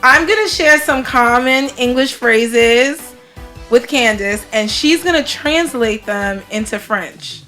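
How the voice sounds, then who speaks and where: A bubbly American woman hosts a casual podcast chat with a fairly high voice. Her talk is animated and chatty. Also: slow pace, faint music behind. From United States. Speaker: podcast host.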